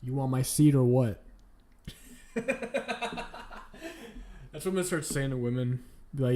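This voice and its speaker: A man's voice: mid-range voice, a little slow, pauses often, mellow. A man streaming and chatting casually, crude and joking, laughing often as he rambles.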